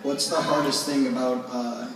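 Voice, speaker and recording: A man's voice: medium pitch, fairly even intonation, moderate pace, a little hiss or hum. A man from Chicago in the audience, asking a question toward the stage. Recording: distant voice in an echoey hall.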